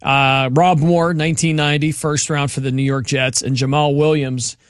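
A man's voice: on the high side, level tone, normal speed, no room sound, studio quality. A man from western Pennsylvania hosting a casual sports talk show, chatty and reeling off facts with frequent fillers.

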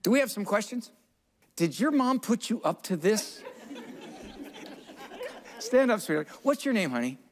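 A man's voice: high voice, big pitch swings, measured pace, long pauses, a faint crowd. A man giving a live parenting talk on stage, teasing audience volunteers and chuckling as he goes. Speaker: parenting speaker. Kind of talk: live seminar talk with audience role-play.

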